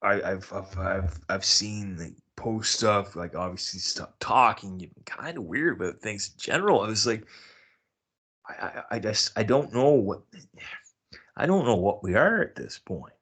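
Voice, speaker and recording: A man's voice: expressive, measured pace, a bit bright, breathy edge. A man hosting a podcast, casually telling a personal story with lots of swearing and exasperated, bewildered outbursts. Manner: profane, exasperated, bewildered retelling with sudden high-pitched outbursts. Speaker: podcast host.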